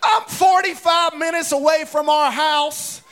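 A pastor with a very high voice preaches a funny sermon at a measured pace, full of folksy comic stories. His animated telling breaks out into shouts now and then. He is in a church sanctuary before a congregation.

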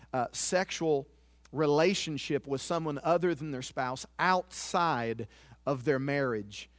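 Male pastor, high voice, earnest confessional sermon delivery, dry close recording. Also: dry recording. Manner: earnest, confessional preaching with repeated words.

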